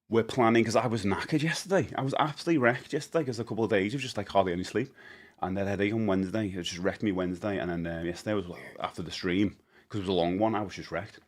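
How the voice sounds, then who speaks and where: A British man in his forties chats casually on his live stream, rambling with plenty of fillers and quickly greeting viewers. His voice is low-ish and a little mellow.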